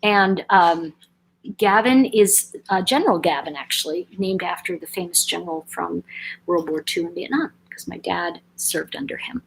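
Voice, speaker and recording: A woman's voice: on the low side, animated, moderate pace, vocal fry, slight background noise, rough recording. A middle-aged woman hosting a casual live-stream chat, reading out viewer comments with lots of ums and restarts. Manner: chatty, reads out viewer comments, frequent ums and self-corrections.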